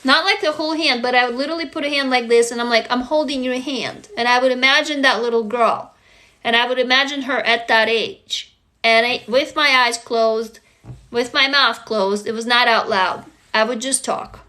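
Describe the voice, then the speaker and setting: A woman's voice: fairly high pitch, fairly even intonation, moderate pace, pushed and bright. A woman hosting a casual self-help livestream, talking earnestly and emotionally straight to her viewers, now and then swearing. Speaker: livestream host. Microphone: phone.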